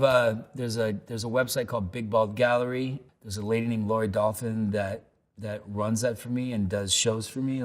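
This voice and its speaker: Laid-back rambling man, low voice. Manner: laid-back, rambling, self-deprecating storyteller. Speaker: actor answering web search questions. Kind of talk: casual unscripted answers and anecdotes. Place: lives in New York.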